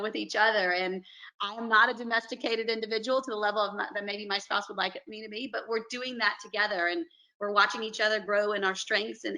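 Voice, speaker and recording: A periodontist woman from Alabama, talking earnestly and warmly over a video call on a panel. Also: mid-range voice, poor audio. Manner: earnest, effusive, says "y'all".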